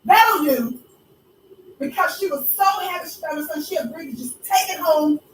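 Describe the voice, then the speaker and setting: High-voiced woman telling a mocking story. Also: lively intonation, moderate pace, slight background noise. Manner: emphatic, mocking, preacher-like. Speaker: vlogger. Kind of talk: storytelling commentary. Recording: echoey room, mic at a distance, faint music.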